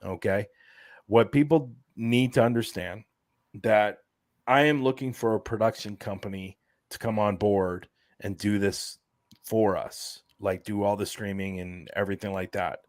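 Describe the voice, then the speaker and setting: A man's voice: fairly low pitch, a little slow, dry recording, studio quality. A man explaining plans as a guest in a casual podcast interview, rambling with plenty of fillers. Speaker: guest, event organizer.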